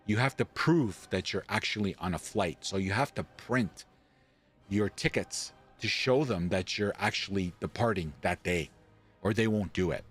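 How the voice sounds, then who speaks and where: A man from Canada, a streamer, telling a story in a casual, animated way, acting out quoted lines and swearing casually. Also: lowish voice, normal speed, husky, faint music behind. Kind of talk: casual storytelling while gaming.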